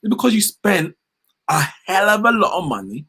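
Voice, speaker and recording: A man hosting a casual football livestream, animated and slangy, reading out viewer comments. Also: high voice, normal speed, breathy edge. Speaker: host.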